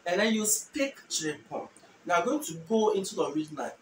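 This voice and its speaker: A man's voice: high-pitched, very animated, slight background noise. Man teaching phrases in an echoey room. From Ghana. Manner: repeats phrases slowly for learners. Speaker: language teacher. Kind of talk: language lesson. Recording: echoey room, mic at a distance.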